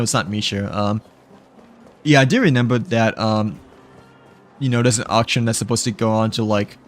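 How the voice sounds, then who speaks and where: Rambling man narrating his gameplay. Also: fairly low pitch. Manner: rambling, full of fillers, chuckling. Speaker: gamer. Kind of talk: casual gameplay commentary.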